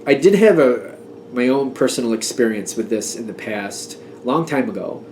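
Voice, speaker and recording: A man's voice: medium pitch, expressive, moderate pace, darkish tone, a little hiss or hum. A man giving a casual tarot reading, talking in a chatty, emphatic way as he gets worked up and laughs at himself. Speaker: tarot reader.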